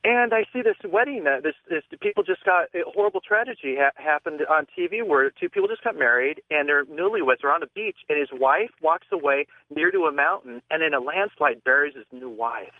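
A man's voice: a little high, lively intonation, no echo. A man calling in to a radio show, telling a long story in a rambling way with lots of restarts. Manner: rambling, halting with many restarts. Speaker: caller. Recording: tinny phone line.

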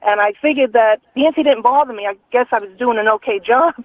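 A woman's voice: fairly high pitch, fast talker. Woman caller on a phone line. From North Carolina. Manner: chatty storyteller, laughs easily. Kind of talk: telling a ghost story on a call-in show.

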